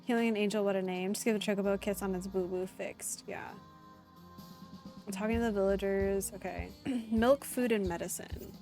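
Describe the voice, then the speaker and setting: A woman streaming a game live in casual, chatty commentary at a desk mic. She sounds animated and giggly, with a mid-range voice. Game music plays clearly behind her. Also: mid-range voice, moderate pace.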